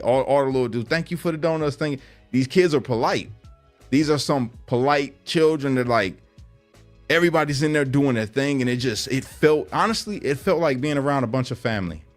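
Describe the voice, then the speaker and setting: A man talking in a casual, earnest vlog monologue, full of slang and fillers, sharing the day's reflections with his viewers. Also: lowish voice. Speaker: vlogger.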